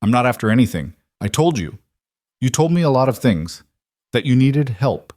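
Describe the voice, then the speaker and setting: A man's voice: mid-range voice, big pitch swings, normal speed, darkish tone, no room sound, clean studio sound, voice pushed up, natural voice. A man voicing a wary, frightened widowed frontier mother whose guarded voice rises and breaks. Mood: demanding. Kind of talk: audiobook character reading.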